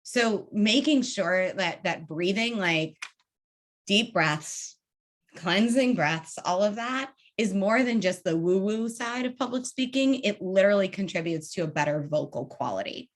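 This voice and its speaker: A woman vocal coach leading a public speaking workshop, demonstrating breathing in an animated, conversational way. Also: mid-range voice, unhurried.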